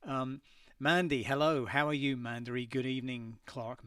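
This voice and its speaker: A man's voice: medium pitch, level tone, moderate pace, a bit bright, clean tone, no room sound, distant mic. A middle-aged man from England hosting a casual livestream from his home studio, greeting viewers and reading their messages with lots of ums. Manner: chatty, hesitant, many ums. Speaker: singer hosting a live stream.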